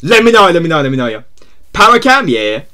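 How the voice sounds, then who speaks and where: A man live-streaming a game, chatting to his viewers and ending nearly every phrase with "yeah?", and shouting when something surprises him. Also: fairly high pitch, big pitch swings, quick pace. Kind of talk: casual live gaming stream chat.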